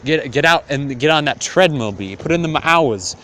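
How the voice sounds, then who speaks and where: A man's voice: a little high, lively intonation, normal speed, pushed and bright, a little hiss or hum. A man voicing a medieval friar who talks in street slang, boastful and hustling. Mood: smooth.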